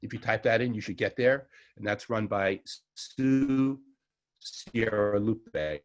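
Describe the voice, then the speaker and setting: A middle-aged man with a Long Island New York accent teaches a casual online herbalism class in a voice on the low side, at a slow pace. He's chatty and rambling, often correcting himself with small laughs.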